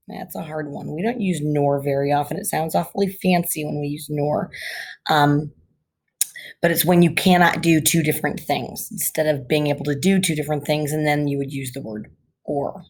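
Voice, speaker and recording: This is a woman teaching a recorded grammar lesson. Her voice sits low and has a breathy, husky edge. She explains step by step and reads example sentences aloud at an unhurried pace. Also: steady tone, a little mellow.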